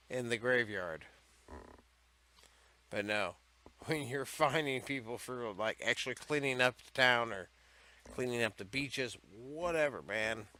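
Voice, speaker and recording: Male host, sharp bright voice, loose sarcastic rambling commentary with swearing. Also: medium pitch. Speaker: host of a comedy series on odd laws. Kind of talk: casual comedic commentary.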